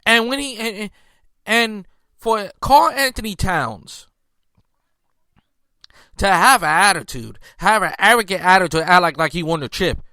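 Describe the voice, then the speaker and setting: A man's voice: sits high, a little slow, long pauses, bright, forceful tone, dry recording, clean studio sound. A man hosting a casual sports commentary, ranting in a heated way with many restarts and incredulous outbursts. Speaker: sports podcast host.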